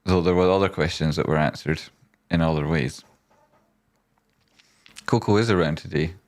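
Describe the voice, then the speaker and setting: A man's voice: low-pitched, moderate pace. A man hosting a casual stock market livestream, rambling as he talks straight to his viewers.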